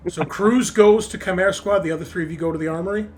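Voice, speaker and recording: A man running a tabletop game as game master, relaxed and joking, often pausing with fillers. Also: sits high.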